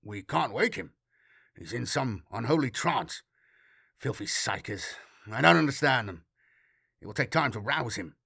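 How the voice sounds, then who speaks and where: A man voicing a grim, wary male ship's officer who reports in a low, guarded, matter-of-fact way. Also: animated, measured pace, gravelly, pauses often, bright, forceful tone, slightly rough, full character voice. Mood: troubled.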